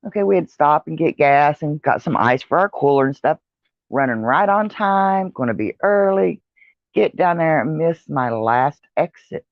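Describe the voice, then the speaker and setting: Tired woman vlogger, slow chatty ramble, dry muffled sound. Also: sits low, animated, no echo. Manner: rambling, chatty, with many fillers and yawns. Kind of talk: casual vlog chat. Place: outdoor porch with traffic nearby.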